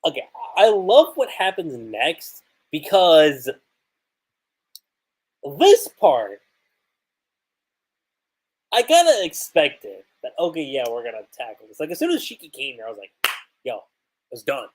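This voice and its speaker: A man hosts a relaxed livestream, reviewing a new manga chapter and thinking aloud as he goes. His voice is a bit husky, and his pitch swings up and down as he talks. He stops and restarts often, and he laughs along the way. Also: unhurried, pauses often, poor audio.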